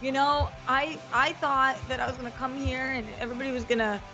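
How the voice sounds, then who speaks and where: Lively, self-mocking woman host. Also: high-pitched, a little fast, soft background music, low-quality recording. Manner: animated, self-mocking, jokey. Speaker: show host. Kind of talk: casual chat.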